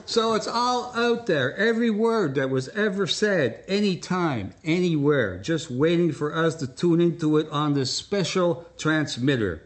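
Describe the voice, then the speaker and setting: A man's voice: on the high side, lively intonation, a little slow, few pauses. A man hosting a live stage show, joking and coaxing the audience along. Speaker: host. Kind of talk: comic stage patter.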